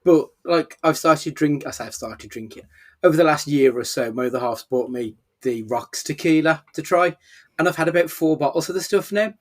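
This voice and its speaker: A man's voice: on the high side, normal speed. An English man chatting in an easygoing way. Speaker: podcast co-host. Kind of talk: casual chat.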